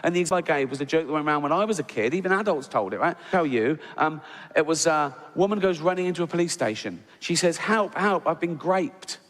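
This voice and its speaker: A middle-aged English man doing an animated stand-up routine, acting out voices and checking in with "right?" asides. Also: on the high side, fast talker. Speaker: stand-up comedian. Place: large venue with audience. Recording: live stage recording with hall reverb and audience noise.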